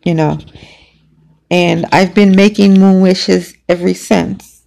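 A woman's voice: on the low side, steady tone, slow pace, vocal fry, warm tone. A woman hosting a podcast, telling a personal story in a casual, emphatic, conversational way. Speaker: podcast host.

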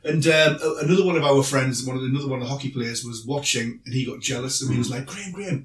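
A man rambles through a story on a podcast, self-mocking and full of restarts. His pitch is a plain middle. The mic sits back in a roomy space, with faint noise underneath. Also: steady tone, very fast, distant mic. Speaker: podcast co-host. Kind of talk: casual chat, anecdotes.

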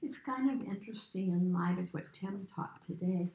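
A woman's voice: mid-range voice, moderate pace, warm tone. A woman in a Bible study class making a hesitant comment that trails off. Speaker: congregation member commenting. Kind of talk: casual remark in class. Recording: echoey room with background noise.

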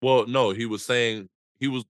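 A man co-hosting a podcast, chatting casually about a movie in a laid-back, halting way, often repeating words. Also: mid-range voice, steady tone, no echo, clean studio sound. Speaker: podcast co-host. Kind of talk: casual movie review chat.

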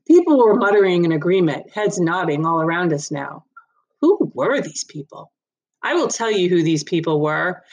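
A woman reading a novel aloud as a storyteller, greeting listeners and narrating expressively. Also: medium pitch.

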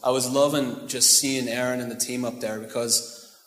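A man leads a sermon as a pastor, chatty and playful rather than formal. His mid-pitched voice carries through a large church hall with a long, roomy echo. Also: flat delivery, normal speed. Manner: casual, joking asides, asks the crowd "right?". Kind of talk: conversational sermon. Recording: echoey hall with long reverb.

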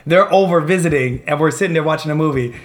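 A man telling animated, swear-heavy stories in a casual chat. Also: a little high, quick pace. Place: New York.

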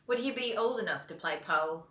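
Bright-toned chatty woman, echoey room. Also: medium pitch, brisk. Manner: relaxed, chatty, uses "I reckon" and "like". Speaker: podcast co-host. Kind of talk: casual chat.

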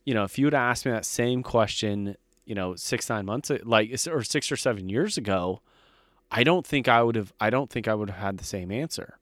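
A man's voice: lowish voice, fairly quick, fairly bright tone, no room sound. Guy in his 30s ranting on a podcast, swears a lot, dry close sound. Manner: blunt, profane, fired-up storytelling. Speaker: podcast co-host. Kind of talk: casual podcast chat.

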